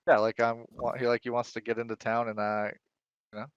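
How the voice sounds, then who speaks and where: A man's voice: medium pitch, flat delivery, a little fast, clear, resonant tone, dry recording. A man speaking as a player in a tabletop game, casual and hesitant, full of fillers. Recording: slightly dull, lo-fi mic.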